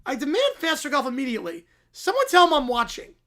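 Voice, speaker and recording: A performer voicing a bratty, demanding young child who whines and shouts complaints. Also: high-pitched, wildly swooping pitch, fast talker, exaggerated voice.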